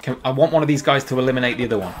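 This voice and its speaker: A man streaming live gameplay, reacting with excited, jokey commentary. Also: medium pitch, very fast, soft background music. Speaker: game streamer.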